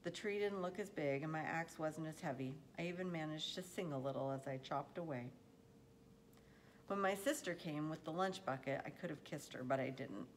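Woman reading a novel aloud, low voice, steady unhurried storytelling, faint noise. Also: rough recording. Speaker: audiobook reader.

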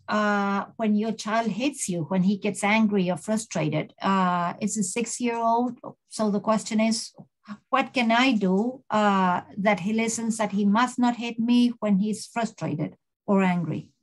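A woman's voice: mid-range voice, measured pace. A woman interviewer asks questions over a video call, a little hesitant, with fillers.

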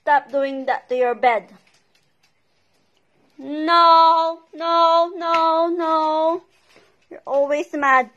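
A woman coaxes and scolds her dogs in a high voice. She talks very slowly, with drawn-out commands and bursts of excited pet-talk. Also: lo-fi sound. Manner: slow commands, coaxing and scolding. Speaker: vlogger and dog owner.

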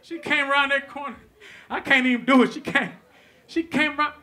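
High, bright-voiced profane comedian. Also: male voice, a little fast. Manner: animated, profane, shifts between shouting and hushed. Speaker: stand-up comedian. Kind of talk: stand-up comedy storytelling. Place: comedy stage before live audience.

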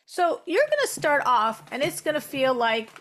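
An American woman teaching a religious class in a lively spoken style, repeating phrases for emphasis and quoting Hebrew. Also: high-pitched, moderate pace, a little hiss or hum. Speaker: Torah teacher.

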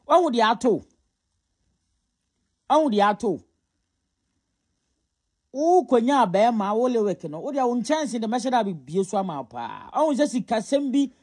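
High, husky Ghanaian man scolding bloggers. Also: a little mellow. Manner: scolding, mocking, often laughing; mixes Twi and English. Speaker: gossip commentator. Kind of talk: casual gossip commentary.

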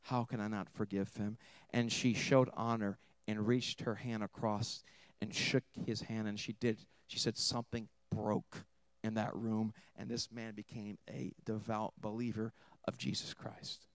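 A man preaching a sermon as pastor, telling a story and swinging between hushed moments and emphatic ones. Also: lowish voice, level tone, a little slow, dry recording.

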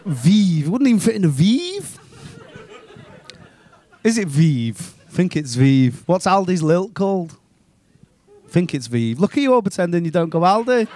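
A Liverpool man in his twenties doing a stand-up set, swearing freely and mocking people with quick put-on voices. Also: high voice, big pitch swings, warm tone. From England. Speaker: stand-up comedian. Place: comedy club stage.

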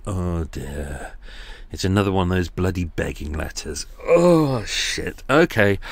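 A man's voice: low-pitched, lively intonation, a little slow, a bit bright, no echo. A man hosting a podcast, telling a rambling comic monologue full of jokey asides and sighs. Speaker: podcast host.

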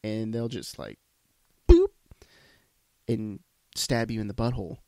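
A man's voice: on the low side, expressive, unhurried, warm tone, dry recording. A man hosting a solo podcast, congested from a sinus issue, rambling in a profane, self-deprecating way. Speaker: podcast host. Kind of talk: solo casual monologue. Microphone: podcast microphone.

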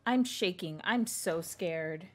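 A woman's voice: lowish voice, slow, slight background noise. A young woman streaming a horror game live, scared and jumpy, whispering and then exclaiming as she plays and thanks her viewers.

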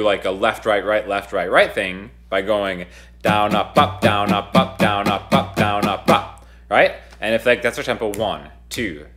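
A male guitar teacher with a mid-range voice who talks in a relaxed, conversational way. He often chants beats and syllables aloud in rhythm. Clear guitar playing runs beneath his speech. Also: mid-range voice. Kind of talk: casual video lesson. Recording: guitar music under the voice.

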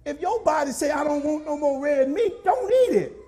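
A man preaching a sermon as pastor, scolding and repeating himself to the congregation, sometimes shouting. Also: very high voice, animated, normal speed, a little hiss or hum.

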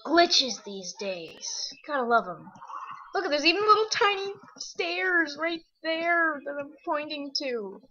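A young woman chats excitedly through her gameplay, her voice high and bright. She jumps from one thing to the next. The sound is dull and lo-fi, with faint game music underneath. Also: takes it slowly, slight background noise. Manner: chatty, excitable, easily distracted. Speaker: gamer. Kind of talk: casual game commentary.

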